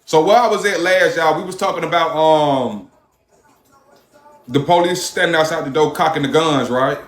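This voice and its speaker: A man livestreaming, telling a story in an animated, profane way and thanking viewers for their gifts. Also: a little high, moderate pace. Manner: animated, profane storytelling, shouting when worked up. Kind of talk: live-stream storytelling. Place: a hot room. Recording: roomy echo.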